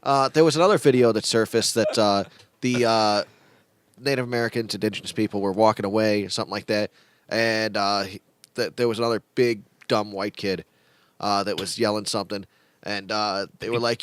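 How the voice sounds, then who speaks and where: A man's voice: lowish voice, fairly even intonation, fairly quick, clear, resonant tone, no echo. A man hosting a casual chat podcast, rambling and repeating words as he talks, with some swearing. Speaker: podcast host. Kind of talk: casual chat over drinks.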